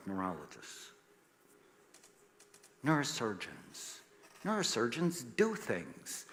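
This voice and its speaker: A man, a psychiatrist, telling a story in a talk with animated delivery, acting out quoted voices and dropping soft and low at grave moments. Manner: emphatic, passionate.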